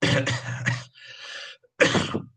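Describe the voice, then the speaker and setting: A man teaching English punctuation in class, repeating example sentences and spelling out each rule. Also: sharp tone. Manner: slow, repeats examples, gives plain rules. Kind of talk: classroom grammar lesson. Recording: dull lo-fi sound.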